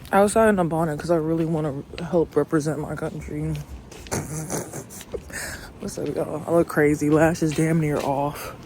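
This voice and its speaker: A woman's voice: low voice, darkish tone, poor audio. A woman from the United States vlogging in a casual, chatty way, talking straight to the camera with slang and laughs. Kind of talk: casual vlog. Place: outdoors on city streets and in shops. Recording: phone audio with street noise.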